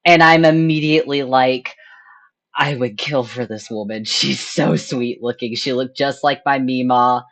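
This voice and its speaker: A young woman hosting a charity stream tells a story in casual chat, with a very deep, unhurried voice. She's animated and laughs often, acting out her own thoughts as she goes.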